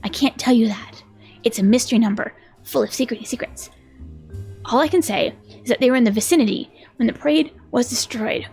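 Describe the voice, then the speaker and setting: A woman voicing a secretive female character from a video game, reading her lines in a hushed, teasing, conspiratorial way. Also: on the high side, fast, creaky, faint music behind.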